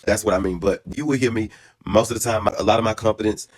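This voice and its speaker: A man in his thirties telling a story in a casual, animated way, brassy, profane and dramatic, then calmer and reflective. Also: fairly low pitch, quick pace. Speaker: storyteller vlogger.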